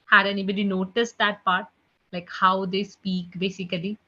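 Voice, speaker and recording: Bright-voiced woman teaching on a video call. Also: medium pitch, level tone, moderate pace. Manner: chatty, keeps saying guys and okay. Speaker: online French tutor. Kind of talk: live online class. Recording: muffled video call audio.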